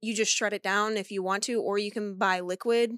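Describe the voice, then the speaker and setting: A woman's voice: medium pitch, fairly even intonation, a little fast, a bit bright, no echo, studio quality. Chatty, swearing woman podcast co-host. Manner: chatty, swears freely, laughs often. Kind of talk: casual chat.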